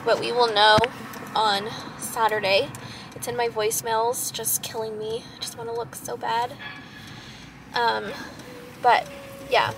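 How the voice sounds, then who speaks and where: A woman's voice: a little high, level tone, a little slow, creaky, long pauses, noisy background. A young woman vlogging casually to camera, chatty and rambling, a little out of breath. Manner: chatty, rambling, frequent laughs.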